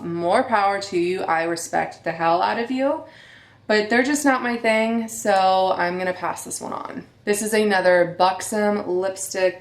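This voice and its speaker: A woman in her thirties talks casually and candidly to her viewers, as a beauty vlogger would. Her voice sits a bit low. The room around her is echoey. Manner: chatty, candid, addresses viewers as you guys. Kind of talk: casual chat.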